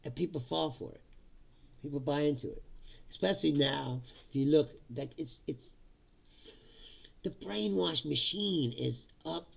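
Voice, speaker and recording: A man hosting a casual political rant, sarcastic and laughing often, swearing and mocking his opponents in put-on high voices. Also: measured pace, gravelly, pauses often, breathy edge. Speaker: political commentary host.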